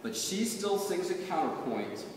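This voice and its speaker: A man's voice: high-pitched, sing-song, recorded from a distance, noisy background. Man reading poems in an echoey hall. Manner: rhythmic, measured recitation. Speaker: poet. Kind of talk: poetry reading.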